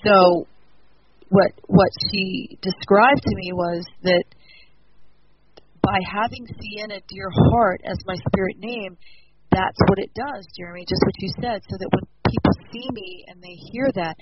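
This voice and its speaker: Soft-spoken woman in her fifties, lo-fi. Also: medium pitch, unhurried. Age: 50s. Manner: meandering, repetitive, soft-spoken. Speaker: guest. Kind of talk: casual spiritual storytelling. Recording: dull lo-fi audio with steady noise.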